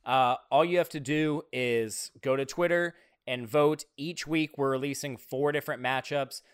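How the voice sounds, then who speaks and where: A man's voice: medium pitch, steady tone, moderate pace, clear, resonant tone, no room sound, clean studio sound. A man co-hosting a casual podcast, patiently explaining how to vote. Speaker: podcast co-host.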